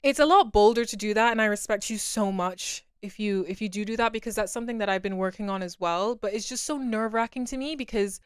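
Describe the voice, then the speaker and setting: A woman's voice: medium pitch, fast talker, hardly any pauses, clean tone, dry recording, clean studio sound. A young woman hosting a podcast, speaking candidly and confessionally about her own experiences, often repeating herself. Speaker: podcast host. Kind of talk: personal podcast monologue.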